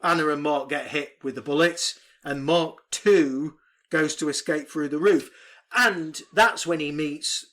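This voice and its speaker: A man co-hosting a casual film podcast, recapping the plot in an animated, sweary way and putting on quick mock voices. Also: on the high side. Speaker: podcast co-host. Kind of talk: casual film review chat.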